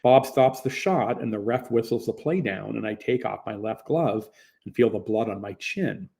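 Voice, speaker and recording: A man's voice: on the low side, moderate pace, vocal fry, dark tone. A young man narrating a first-person audiobook in a plain, conversational storytelling manner.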